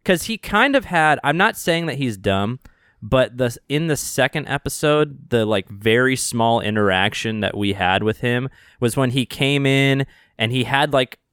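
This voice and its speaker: A man's voice: mid-range voice, fairly bright tone, clear, resonant tone, no room sound, studio quality. A man co-hosting a podcast, chatting casually about a show, rambling and hedging as he rephrases his thoughts. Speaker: podcast co-host. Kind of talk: casual chat discussing a show.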